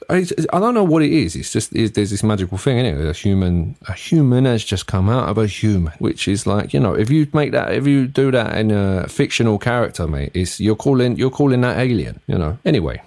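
A man's voice: low voice, darkish tone, no room sound. A young man hosting a podcast, rambling in a sweary, slang-heavy comic monologue full of asides. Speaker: podcast host. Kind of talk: casual comedic monologue.

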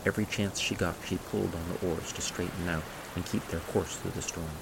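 Male audiobook narrator: very low, gravelly, measured; heavy storm sound bed. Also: very noisy. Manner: steady, measured storytelling. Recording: rain and thunder sound effects. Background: rain and thunder.

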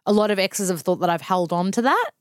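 A woman's voice: medium pitch, animated, quick pace, dry recording. An Australian woman, a podcast guest, talking in heartfelt, earnest casual chat about feelings.

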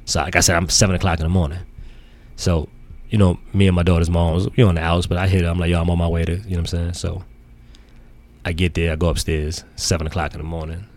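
A middle-aged man from the Bronx with a very low voice tells a story at a quick clip. He is a podcast guest, profane and animated, rattling through the details. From the Bronx, New York. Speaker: podcast guest, sneaker collector. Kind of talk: casual storytelling in an interview.

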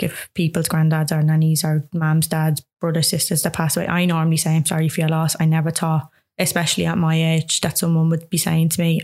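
Young woman, low flat voice, rambling storyteller with lots of fillers, interview guest. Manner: rambling, filler-heavy, reenacts dialogue. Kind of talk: personal storytelling.

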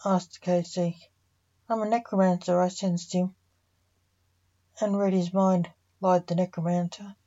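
A woman reading a fantasy story aloud, voicing all the characters in a mostly even narrating voice. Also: fairly low pitch, unhurried, pauses often. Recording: muffled lo-fi recording.

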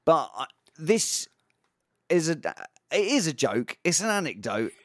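Lively, laughing male comedian guest. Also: on the high side, a little slow, dry recording. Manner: hesitant starts, laughs at his own story. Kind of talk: casual chat, anecdote telling.

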